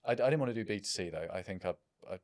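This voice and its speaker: A man's voice: lowish voice, racing, a little mellow, no echo, clean studio sound. A man in his thirties, a business founder, talking in a casual interview in a reflective, self-deprecating way.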